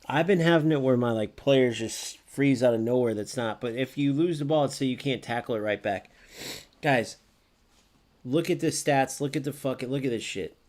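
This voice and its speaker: A young man streaming a football video game, reacting loudly to plays, swearing often and answering viewers in chat. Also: medium pitch, moderate pace, slight background noise. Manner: chats with live viewers by name. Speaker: gaming streamer. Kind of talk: live gameplay commentary.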